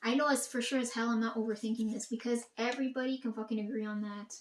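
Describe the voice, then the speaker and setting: A woman's voice: on the high side, steady tone, fast, echoey room. A young woman rambling to her audience in a casual monologue, swearing often and talking emphatically.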